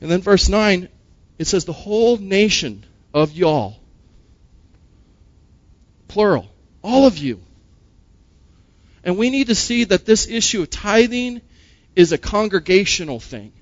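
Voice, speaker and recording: Male pastor preaching, emphatic, rhetorical questions, slightly high voice, dry muffled recording. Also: lively intonation, unhurried, pauses often, no echo. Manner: emphatic, asks rhetorical questions, repeats words. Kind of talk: sermon.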